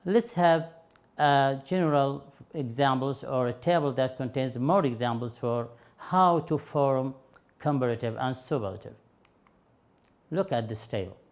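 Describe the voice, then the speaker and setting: A man with an Arabic accent teaching English grammar on television, explaining slowly and patiently with fillers and repeated examples. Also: medium pitch. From Yemen. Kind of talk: TV grammar lesson.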